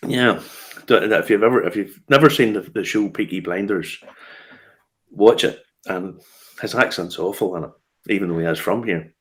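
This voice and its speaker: A man chats casually as the host of a whiskey show. His voice sits a little low, and he talks in a loose, storytelling way, full of fillers and quick restarts. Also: a bit bright. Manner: chatty storyteller, laughs often, frequent fillers and restarts. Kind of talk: casual chat.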